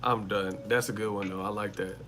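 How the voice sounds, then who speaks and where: A man's voice: fairly low pitch, steady tone, moderate pace, pushed and bright, a little hiss or hum. A man hosting a live boxing commentary stream, talking in a casual, slangy and emphatic way and repeating his points over and over. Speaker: boxing commentary channel host.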